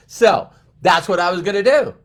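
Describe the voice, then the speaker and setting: A middle-aged man tells a story in a lively, fairly high voice that swings widely up and down. He trips over his words, repeating phrases as he builds toward his point in a storytelling talk. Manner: animated, stammering repetitions. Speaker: motivational speaker.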